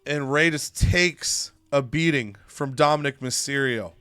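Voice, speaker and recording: A man's voice: on the high side, a little slow, few pauses, bright, forceful tone, clear, resonant tone, no echo, soft background music. A man narrating a wrestling management game story with dramatic, commentary-style delivery.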